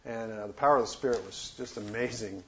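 Male storyteller giving a casual testimony, halting with fillers, on a dull, slightly noisy recording. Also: mid-range voice, fairly bright tone. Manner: halting, many fillers and restarts, laughs while telling. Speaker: missionary storyteller. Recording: dull lo-fi recording with faint noise.

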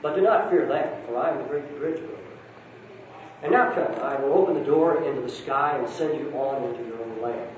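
A great noble lion speaks gently and gravely, as a man reads him aloud. The voice sits at an ordinary pitch, a little raised. It sounds muffled and far off, in a very echoey room. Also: a little fast, a little hiss or hum, natural voice. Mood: gentle solemn. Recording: echoey distant lo-fi recording.

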